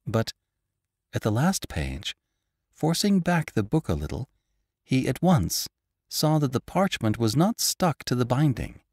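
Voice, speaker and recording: A man's voice: a little slow, no room sound, clean studio sound. A man narrating an audiobook as the podcast's host, acting out the characters' lines. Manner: expressive, voices characters with raised pitch.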